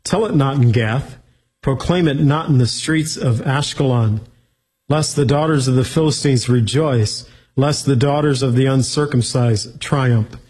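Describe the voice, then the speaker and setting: Bible teacher, male, slightly husky voice, reads the verses and then explains them simply. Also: medium pitch, a little slow, darkish tone, rough recording. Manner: reads scripture aloud, then explains it plainly.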